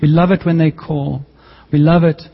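A man's voice: on the high side, level tone, moderate pace. A man preaching a sermon in an earnest, pleading way, sometimes acting out the voices he quotes. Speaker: pastor. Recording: dull sound in a reverberant hall.

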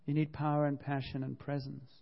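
Casting note: male pastor, fervent sermon delivery, higher-pitched voice, muffled lo-fi recording. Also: monotone, fairly quick, vocal fry. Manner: impassioned, repeats himself, acts out quotes.

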